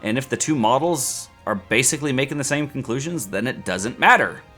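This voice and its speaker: Male stats instructor, casual lecture, lively up-and-down delivery, bright tone, jokey asides. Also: mid-range voice, brisk, soft background music. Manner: chatty and joking, with rants and self-mocking asides. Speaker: statistics instructor.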